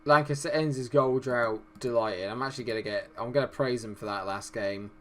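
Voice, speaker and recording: A man's voice: mid-range voice, fairly quick, fairly bright tone. A young man commentating casually on his own football management game, swearing freely and cheering and groaning at the action. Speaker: gaming YouTuber.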